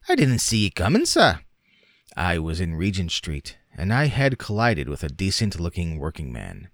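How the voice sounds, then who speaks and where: A man with a deep, low voice reads a classic tale aloud like an audiobook narrator. He leans into the drama of the story with lively, expressive emphasis. The recording is dry and close, with no room sound. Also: dry recording.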